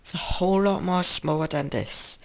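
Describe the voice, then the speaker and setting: A woman's voice: on the low side, normal speed, vocal fry. A woman with an English accent hosting a casual gaming retrospective, rambling and correcting herself as she goes. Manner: rambling, self-correcting, offhand. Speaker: video game channel host.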